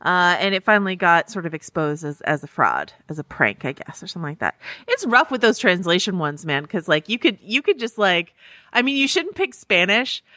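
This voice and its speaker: A woman co-hosting a podcast in casual chat, animated and chatty, laughing often as she reads listener reviews. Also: fairly low pitch, fairly quick, no echo, clean studio sound. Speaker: podcast co-host.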